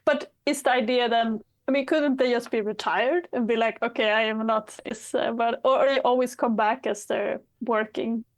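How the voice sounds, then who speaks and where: A woman's voice: on the high side, steady tone, moderate pace, few pauses. A woman guest on a podcast, chatting casually and thinking aloud with frequent hedges. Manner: thoughtful, hesitant, hedging. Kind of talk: casual chat.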